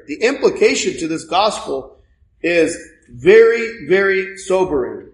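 A man's voice: high voice, sing-song, unhurried, reverberant, rough recording. A male priest giving a sermon in a conversational way, asking rhetorical questions.

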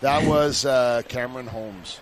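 A man's voice: medium pitch, unhurried, over a noisy crowd. A man guest, a hockey coach, chatting casually with blunt dry remarks. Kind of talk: casual chat.

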